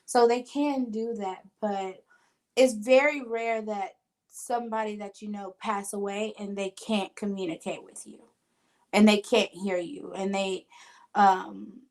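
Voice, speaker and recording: A woman's voice: mid-range voice, steady tone, measured pace, a little mellow. A woman hosting a casual talk show as a spiritual medium, telling earnest, emotional stories and quoting the voices of others. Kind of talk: casual podcast conversation.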